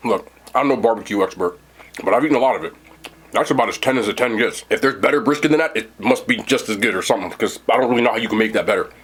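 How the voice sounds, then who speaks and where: A man's voice: on the low side, very fast, fairly bright tone, breathy edge. A young man reviewing food in a casual eating vlog, enthusiastic and talking while he chews. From New Jersey. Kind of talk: eating vlog with mouth full.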